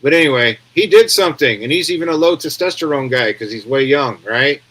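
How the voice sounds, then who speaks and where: An American man in a casual home live stream, riffing on the news with a rambling, sarcastic edge. His voice sits at an ordinary middle pitch, and he often stops to read out viewer comments. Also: lively intonation, brisk, a bit bright, poor audio. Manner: rambling, sarcastic, reads chat comments aloud.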